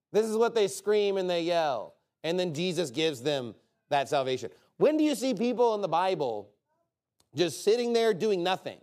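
A man delivering a sermon in a slightly high-pitched voice. He preaches conversationally, peppering his points with "okay?" and "you know." His delivery swings between low, quiet asides and loud, forceful bursts. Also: very animated, normal speed.

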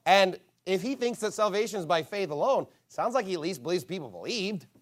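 A man preaching a sermon in an emphatic, forceful way, building to loud outbursts. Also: high-pitched, expressive, brisk.

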